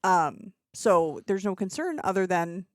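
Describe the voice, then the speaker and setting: A woman's voice: on the low side, very animated, a little slow, dry recording, studio quality. A woman chatting on a podcast as a guest, explaining things in a chatty way. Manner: chatty, explains with quoted voices. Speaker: reptile expo guest. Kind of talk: casual podcast chat.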